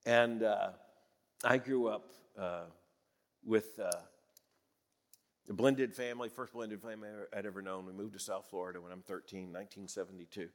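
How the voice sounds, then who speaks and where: A man's voice: lowish voice, fairly even intonation, normal speed, big-room sound. A man in his sixties from the American South, preaching a sermon in a conversational, folksy way with chuckles and restarts. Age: 60s. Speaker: pastor.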